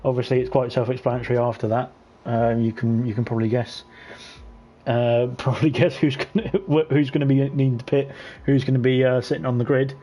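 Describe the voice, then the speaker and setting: A man's voice: medium pitch, little pitch movement, brisk, warm tone. Chatty man hosting a racing stream. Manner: laughs often while talking, loose and chatty. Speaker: host of an online racing league. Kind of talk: casual live race commentary.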